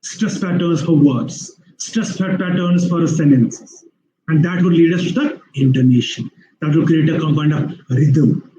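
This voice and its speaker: A man giving an online webinar lecture on English skills, explaining slowly with repeated phrases and drawn-out spoken examples. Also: on the high side, warm tone, roomy sound, slight background noise, poor audio.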